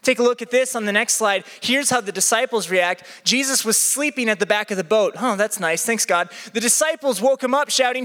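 A young male pastor preaching to a live audience in a large hall, his voice ringing out with a long reverb. He speaks high and bright, and he acts out his stories with big swings in pitch. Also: fairly quick, few pauses. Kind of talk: sermon with storytelling.

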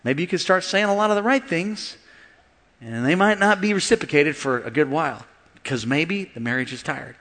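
A man preaching a sermon as pastor, animated and joking with the congregation in a large church. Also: fairly high pitch, normal speed. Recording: long hall reverb with faint music.

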